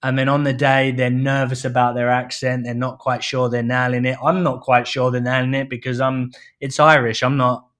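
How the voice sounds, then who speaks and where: A London film director, a guest on a podcast, talks casually in a medium-pitched, level, slightly bright voice at a moderate pace with few pauses. He's chatty, leans on "you know," and acts out the quotes he recounts.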